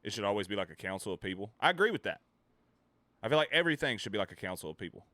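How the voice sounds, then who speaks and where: A man's voice: on the low side, expressive, racing, dry recording. Profane rambling male streamer. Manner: rambling, profane, reads chat and riffs loudly. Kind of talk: casual ranting stream chat.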